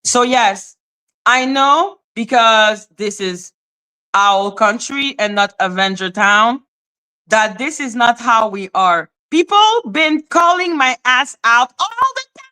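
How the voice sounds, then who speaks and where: Sassy, bright-voiced woman streamer. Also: expressive, slow, clean tone. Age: adult, former high school teacher. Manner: blunt, profane and sassy, scolding the chat; big swings between high exclaims and low asides. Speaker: live stream host. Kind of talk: casual live-stream commentary.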